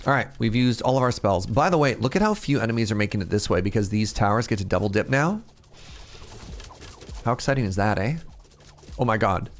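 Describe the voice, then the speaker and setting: A man in his thirties giving casual, animated live-stream commentary as he plays, laughing often and chatting with his viewers. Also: fairly low pitch, brisk, pauses often, slight background noise. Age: 30s. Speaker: game streamer.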